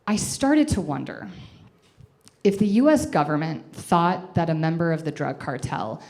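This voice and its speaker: A woman in her twenties telling a self-deprecating comic story to a live audience, animated and chatty. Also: sits low, unhurried.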